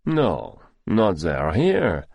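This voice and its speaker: A formal, guarded middle-aged doctor with a thick Russian accent, as a male narrator puts him on. The voice sits higher and sounds set apart from the reader's own tone, yet keeps a deep base. Dry, close recording. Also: huge pitch swings, very slow, creaky, darkish tone, no echo, exaggerated voice. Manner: stiff, formal phrasing.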